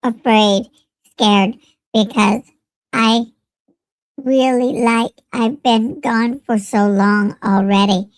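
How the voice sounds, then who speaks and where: A woman reading a letter aloud in a put-on voice, playing a nervous jailed young woman with a high, drawn-out, pleading delivery. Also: steady tone, no echo. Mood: anxious.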